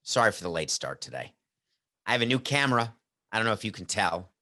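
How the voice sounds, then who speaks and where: A man's voice: lowish voice, big pitch swings, fast, sharp tone. A middle-aged man hosting a sports talk show, joking and sarcastic, full of rhetorical questions, talking into a headset mic. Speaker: podcast host. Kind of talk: casual sports talk monologue.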